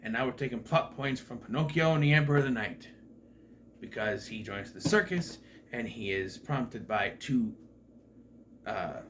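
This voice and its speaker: A man's voice: medium pitch, lively intonation, moderate pace, fairly bright tone, slight background noise. A man giving a casual movie review in a sarcastic, profane, exasperated way.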